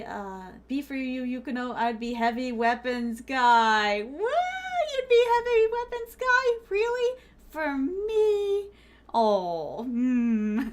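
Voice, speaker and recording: A woman streaming a game, chatting playfully with her viewers, often giggling and dropping in Japanese phrases. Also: on the high side. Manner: chatty, playful, talks to chat as "my starlings"; giggly, many fillers like "like". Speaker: VTuber streamer. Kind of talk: casual gaming stream chat.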